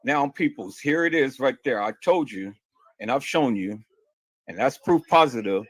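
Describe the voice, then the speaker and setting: A man's voice: medium pitch, expressive, normal speed, husky, no echo. A man hosting a livestream and answering viewer questions, emphatic and insistent, often stammering and repeating words. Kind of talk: heated livestream talk.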